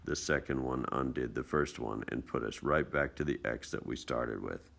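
A man teaching math in a casual screencast lesson, explaining steps in a relaxed, chatty way with folksy asides. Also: very deep voice, normal speed, creaky. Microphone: tablet screencast mic.

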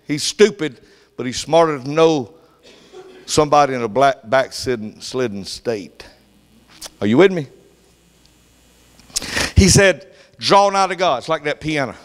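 An older man preaching a sermon as pastor, swinging from loud, fervent delivery to soft whispers. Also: high-pitched, big-room sound.

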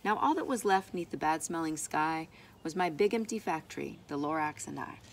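Woman reading a rhyming storybook, lower voice. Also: normal speed, a little hiss or hum. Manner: expressive, rhythmic. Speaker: storybook reader. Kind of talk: reading a rhyming picture book aloud.

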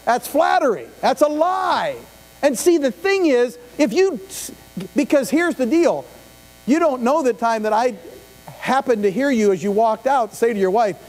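A man's voice: extremely high pitch, expressive, a little slow, darkish tone. A middle-aged male pastor preaching a conversational sermon, often asking the congregation questions and adding asides. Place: church sanctuary. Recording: live church stream with long reverb and mains hum.

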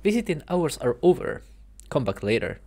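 A man voicing a grumpy male prison guard bird, gruff and dismissive. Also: fairly high pitch, big pitch swings, moderate pace, mellow, voice pushed up.

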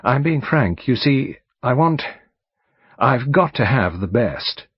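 A man reading an audiobook, voicing an earnest, determined young woman in her early twenties with a faintly husky voice, frank but a little hesitant. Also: mid-range voice, very animated, slow, dry recording, exaggerated voice. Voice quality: faint agreeable huskiness. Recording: dull studio audiobook recording.

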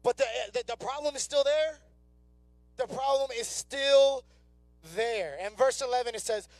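Unhurried and very high-voiced with a darkish tone, a young youth pastor gives a conversational sermon in a church sanctuary. He dramatizes people's doubts in their own words; the recording is dry, with faint music behind him.

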